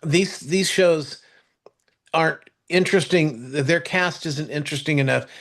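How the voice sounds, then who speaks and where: A man co-hosting a podcast, chatting casually about TV shows in a rambling, halting way full of restarts and fillers, and swearing now and then. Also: fairly high pitch, fairly even intonation, fairly bright tone. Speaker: podcast co-host. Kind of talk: casual chat reviewing TV shows.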